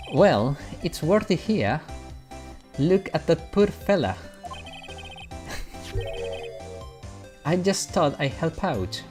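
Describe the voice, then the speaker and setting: A man voicing a jolly older male police chief in a visual novel game, trying a shaky British accent while reading slowly. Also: on the high side, a little mellow.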